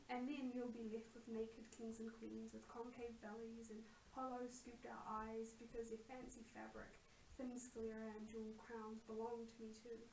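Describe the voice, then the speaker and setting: A woman poet reading her poem softly and measuredly, then chatting about her writing. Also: fairly high pitch. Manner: soft measured recitation. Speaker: guest poet. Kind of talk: poetry reading and casual chat. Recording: roomy, distant mic, faint hiss.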